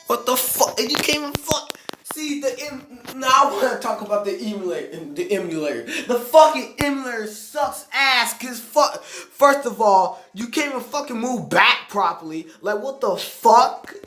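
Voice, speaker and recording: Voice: mid-range voice, expressive, normal speed, a bit bright, roomy sound. A game reviewer ranting in exasperated, profane commentary while playing, with sudden outbursts.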